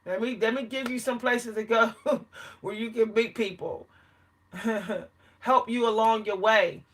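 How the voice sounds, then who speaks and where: A woman's voice: a little high, steady tone, unhurried. A woman talking to camera in a casual vlog monologue, telling an emphatic story and laughing often between points. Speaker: vlogger.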